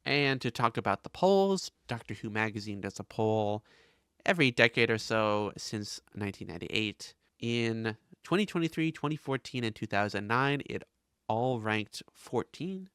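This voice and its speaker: A man hosting a casual podcast, recapping with animated delivery and quick asides. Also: lowish voice, smooth, no echo, studio quality. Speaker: podcast host.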